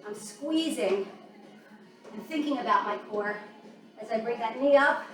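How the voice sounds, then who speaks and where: Breathless woman instructor, high voice, slow delivery, calling moves mid-exercise; far from the mic in an echoey space with background music. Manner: counts down and cues moves while working out. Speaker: fitness instructor. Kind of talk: workout coaching while exercising.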